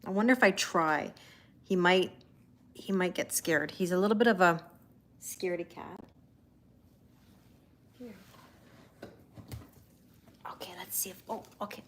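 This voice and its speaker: A woman's voice: a little slow, long pauses. Chatty woman hosting a tarot livestream. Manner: chatty, reads out viewer comments and answers them; coos softly to her cats in a high baby-talk voice. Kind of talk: casual live-stream chat with viewers.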